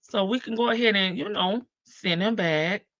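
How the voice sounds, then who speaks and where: This older woman's medium-pitched, fairly bright voice moves at normal speed as she hosts a casual live stream, welcoming each viewer with a drawn-out hello. The lo-fi stream audio is dull but has no echo.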